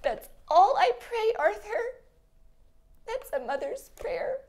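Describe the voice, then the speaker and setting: A high, sing-song mother whose voice swoops wildly as she whines and piles on guilt, played by a woman in a comedy sketch. She is melodramatic and nagging, never letting her son off the hook. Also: sing-song, takes it slowly, darkish tone, exaggerated voice. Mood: guilt-tripping. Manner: melodramatic, whiny, guilt-tripping. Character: nagging, guilt-tripping middle-aged Jewish-style mother. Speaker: sketch actor. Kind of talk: comedy sketch phone call.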